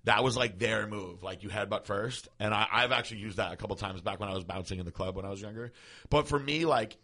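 A man's voice: fairly low pitch, fast, sharp tone. A man in his forties telling stories in a casual podcast chat, laughing often. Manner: laid-back storyteller who laughs often.

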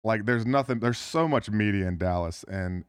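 A low, smooth male voice, recorded close and dry in a studio. He is a former football player in his thirties, answering questions casually, pausing often and restarting his sentences with plenty of fillers. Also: no echo. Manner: halting, lots of fillers and restarts. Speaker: NFL tight end guest. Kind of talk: casual podcast interview.

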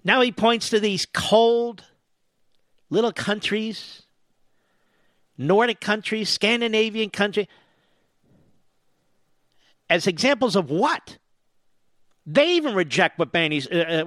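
An older East Coast man hosts talk radio, delivering a sarcastic, combative, mocking monologue. His voice is high and a bit bright, recorded in a clean studio with no echo.

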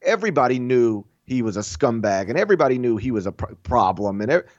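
A man hosting a casual sports podcast, animated and opinionated, often restarting phrases and putting on mock voices for others. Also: medium pitch, quick pace, no echo. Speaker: podcast host. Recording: dull lo-fi sound.

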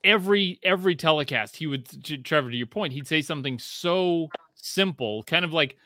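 A bright, forceful male voice, a little high for a man, recorded dry and close. He chats casually as a podcast co-host, loose and profane, his pitch jumping up as his stories build. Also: brisk, no room sound. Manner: animated storyteller, swears freely, rising pitch when excited. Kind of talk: casual sports chat.

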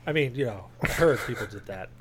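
A man's voice: medium pitch, expressive, fast, a crowd in the background. A man hosting a casual gaming podcast, telling stories with swearing and animation. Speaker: podcast host. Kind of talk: casual chat.

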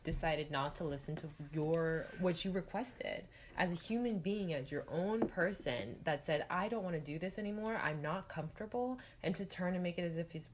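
A woman's voice: fairly low pitch, normal speed, few pauses, noisy background. A woman co-hosting a podcast, speaking emphatically and supportively in casual chat. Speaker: podcast co-host.

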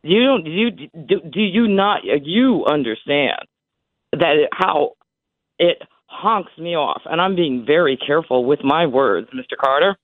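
Over a tinny phone line, an emotional caller in her sixties chats on a call-in radio show, emphatic and repeating herself as her voice breaks. Her voice sits low, with lively intonation at a measured pace and no echo.

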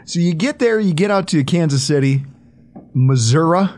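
Male podcast host, slightly high and very animated, playful teasing banter. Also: normal speed. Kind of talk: casual sports podcast chat.

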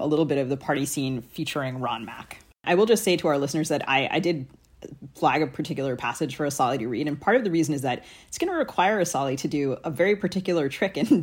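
A podcast host talks fast and chattily, peppering the question with filler words. The voice is husky and breathy. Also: medium pitch. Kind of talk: interview question, casual.

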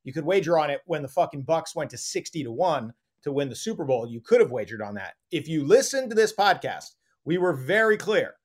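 Guy with a high voice ranting on a sports podcast, cussing, laughing. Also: big pitch swings. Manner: profane, fast, laughing riffs. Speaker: podcast co-host. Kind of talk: casual sports chat.

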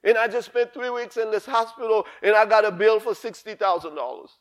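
A man's voice: sits high, fairly quick, pitched above the performer's own voice, lightly acted. A man voicing a grateful old woman. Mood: earnest.

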